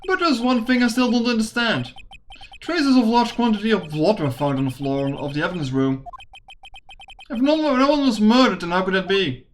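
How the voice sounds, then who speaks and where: A woman voicing a cool, sharp male prosecutor who asks measured, probing questions. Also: on the high side, expressive, slight background noise, close to an everyday voice.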